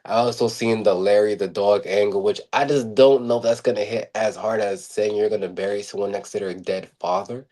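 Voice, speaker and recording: A man with a lowish voice talks casually on a podcast. He rambles, stacks up fillers and repeats himself as he works toward his point. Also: steady tone, brisk, hardly any pauses, warm tone. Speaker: podcast co-host. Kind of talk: casual chat.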